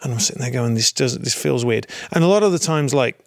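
A middle-aged British man, an actor guest, telling set stories in a casual, animated way. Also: medium pitch, fast, creaky, no echo, studio quality. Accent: British English. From Britain. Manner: animated storyteller, laughs often.

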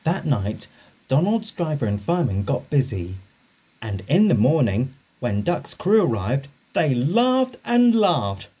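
A man narrating a children's storybook, reading aloud slowly and expressively. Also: medium pitch, breathy edge, highs cut off. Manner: slow, expressive read-aloud.

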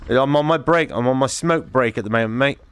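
A man's voice: mid-range voice, a little fast, fairly bright tone, clear, resonant tone. Joking man playing a VR game. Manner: joking, muttering to himself. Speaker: gaming YouTuber.

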